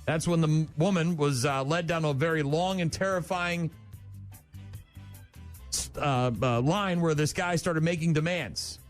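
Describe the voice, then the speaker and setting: Morning radio host, male, slightly high, blunt and scornful, over a quiet music bed. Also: a little slow. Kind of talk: morning radio banter, reading news.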